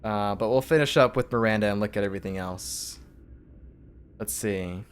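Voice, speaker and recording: A man's voice: fairly low pitch, normal speed, clear, resonant tone. A man streaming a game, casually reading its text aloud in his own voice with asides.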